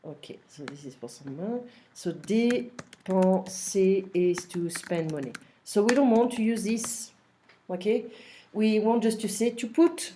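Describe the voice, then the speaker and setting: A woman's voice: medium pitch, expressive, measured pace, dark tone, a little hiss or hum. A woman teaching an online French lesson. She explains step by step and repeats phrases, using fillers.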